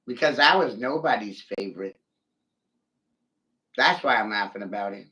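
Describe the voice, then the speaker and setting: A man's voice: lowish voice, animated, normal speed, sharp tone. A man giving a rambling livestream monologue from his chair, sardonic, swearing freely and laughing between remarks. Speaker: streamer. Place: seated in a chair.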